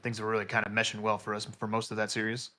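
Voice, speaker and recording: A male player answers interview questions in rapid, rambling bursts. His voice is bright and forceful, and he leans on fillers as he talks. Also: on the low side, completely flat delivery. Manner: rambling, lots of "you know". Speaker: esports player guest.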